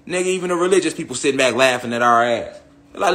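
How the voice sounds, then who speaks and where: A man's voice: medium pitch, fast, a bit bright. A young man delivering a heated, profane monologue rant to his online followers, repeating himself and firing off tag questions. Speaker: online spiritual commentator.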